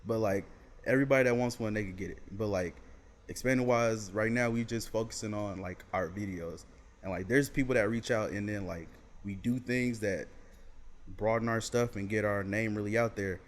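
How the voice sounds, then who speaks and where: A man's voice: on the low side, moderate pace. Laid-back young man chatting. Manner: laid-back, animated when quoting friends. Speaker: podcast guest, comedy video creator. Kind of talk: casual chat.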